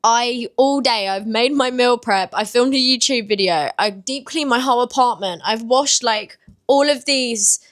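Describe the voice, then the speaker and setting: A woman's voice: fairly high pitch, a little slow, fairly bright tone. A woman in her twenties with a British accent, talking openly and casually to camera in a confessional vlog, with many filler words. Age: 20s. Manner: open, chatty, many "like" fillers. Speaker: vlogger.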